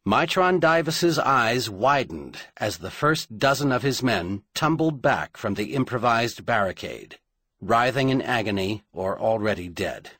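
Husky man narrating an audiobook. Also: medium pitch, animated, fairly bright tone, no echo, studio quality. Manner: dramatic, measured storytelling.

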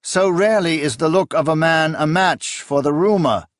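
A man's voice: fairly high pitch, normal speed, dry recording, studio quality, voice pushed up, lightly acted. A man voicing a proud prince who speaks with courtly, commanding ease. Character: proud young prince, commanding and smooth-talking.

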